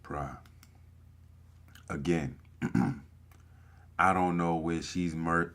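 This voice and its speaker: A man's voice: a bass voice, a bit bright. A man giving casual reaction commentary, talking emphatically and profanely straight to his viewers. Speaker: commentary streamer.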